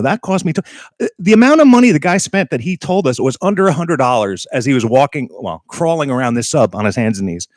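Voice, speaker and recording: A man's voice: medium pitch, dry recording, studio quality. A man hosting a live internet radio stream, rambling in a casual, indignant way and often repeating himself. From Boston area.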